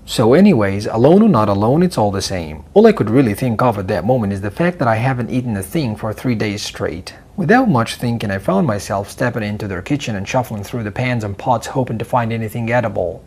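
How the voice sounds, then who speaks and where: Man, husky voice, first-person story narration, animated pitch, dramatic. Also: a little fast, hardly any pauses.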